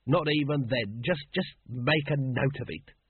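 A man playing a weary, harried middle-aged male watch captain, with slow, reluctant delivery and a very husky voice. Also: mid-range voice. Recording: dry, phone-like narrow sound.

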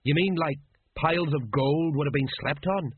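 A sly, drink-loving middle-aged sergeant, as a man reads him in a storybook, with a knowing, sly delivery. The tone is very husky. It is dry and sounds narrow, like a phone line. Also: on the high side, moderate pace, pitched above the performer's own voice.

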